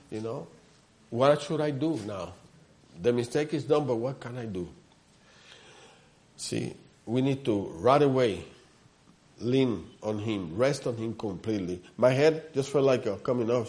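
Male preacher, mid-pitched, earnest, repeats phrases, checks in with listeners often. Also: a little mellow. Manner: earnest storytelling with many repeats and asides to the listeners. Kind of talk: sermon.

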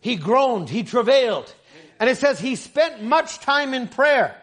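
A middle-aged man preaching a sermon in a high voice. He stumbles and repeats himself as he starts sentences, then builds his points up into shouted lines. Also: animated, measured pace. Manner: stammering restarts, rising to shouts.

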